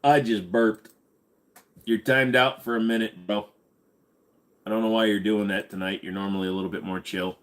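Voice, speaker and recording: A man hosting a casual livestream, talking bluntly and crudely, his voice tiring and going hoarse. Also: lowish voice, fairly even intonation, moderate pace, long pauses. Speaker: livestream host.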